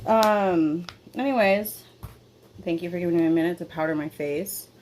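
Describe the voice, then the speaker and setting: A woman's voice: lowish voice, moderate pace, a little mellow, a little hiss or hum. Young woman, podcast host, casual confessional monologue, rambling, candid, swears a lot, home room. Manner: rambling, candid, frequent fillers and profanity.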